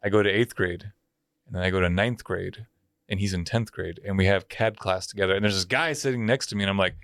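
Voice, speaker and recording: A man's voice: low-pitched, a little fast, a bit bright, no room sound, clean studio sound. A young man co-hosting a podcast, telling stories in a profane, rambling way with lots of fillers. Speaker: podcast co-host. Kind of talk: casual podcast banter, storytelling.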